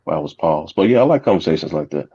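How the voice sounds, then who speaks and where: A man's voice: sits low, expressive, very fast, warm tone, husky, dull audio. A man on a casual call-in chat, blunt and profane, pressing the others with questions.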